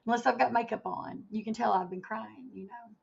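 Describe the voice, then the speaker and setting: A woman's voice: a little high, fairly even intonation, fairly quick, vocal fry, slightly rough, dull audio. A woman hosting a casual home livestream, chatting and reading news headlines aloud. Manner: chatty, reads headlines aloud, laughs often. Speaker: livestream host. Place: home, indoors.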